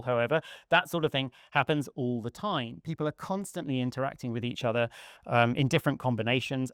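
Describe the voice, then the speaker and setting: A man giving a conference talk on stage, lively and humorous, acting out little scenes as he explains. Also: medium pitch, dry recording, studio quality. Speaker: conference speaker.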